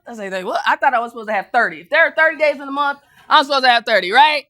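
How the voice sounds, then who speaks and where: A woman delivers a motivational speech from a conference stage, telling her story with lively energy. Her voice sits a bit high and sounds bright and forceful, and she jumps into other people's voices to act out the scenes. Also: very fast, few pauses. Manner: animated storytelling, acting out voices, laughing. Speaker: motivational speaker.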